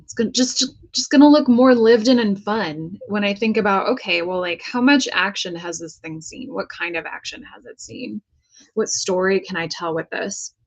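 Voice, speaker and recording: An American woman casually talking herself through painting a prop, chatty and joking as she works. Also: mid-range voice. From United States. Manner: chatty, self-talking while working, jokey asides. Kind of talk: casual crafting vlog talk.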